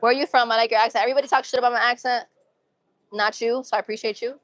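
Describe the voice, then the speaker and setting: A woman's voice: a little high, steady tone, rapid-fire, a bit bright, dry recording. A young woman from Massachusetts with a New England accent and some urban slang, chatting casually and upbeat with viewers on her livestream, often repeating phrases. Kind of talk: casual live-stream chat with viewers.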